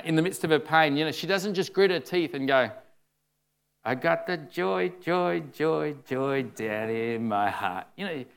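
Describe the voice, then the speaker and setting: A man preaching a sermon in a conversational way, often saying "you know" and acting out the lines he quotes. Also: a little high.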